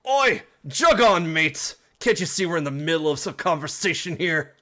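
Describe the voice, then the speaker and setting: A man voicing a brash, mocking male street-gang thug in a put-on rough British accent. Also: on the high side, lively intonation, normal speed, pushed and bright, voice pushed up. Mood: taunting. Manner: taunting, swaggering.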